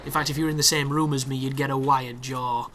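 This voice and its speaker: A young man commentating on his own gameplay, excitable and sweary, with sarcastic asides. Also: mid-range voice, fairly quick, a little hiss or hum. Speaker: gaming commentator.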